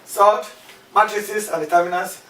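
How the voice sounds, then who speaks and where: High, steady and a little slow, this male maths teacher's voice sounds pushed and bright. During his classroom lesson he repeats key terms and poses questions aloud, captured from a distance in an echoey room with faint background noise.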